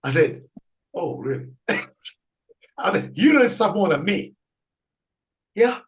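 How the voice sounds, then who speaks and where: A man with a slightly high voice tells his story with a lot of energy. He acts out each person in it and laughs as he goes, and his pitch jumps around. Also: takes it slowly, rough recording. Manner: animated storyteller, acts out dialogue, laughs often. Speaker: Catholic priest guest. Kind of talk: storytelling in a faith interview.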